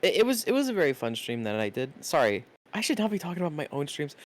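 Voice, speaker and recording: A man's voice: on the high side, fast, few pauses. A male streamer chatting casually with his viewers, reading out chat and swearing often. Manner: lively, swearing, laughing, reads chat aloud.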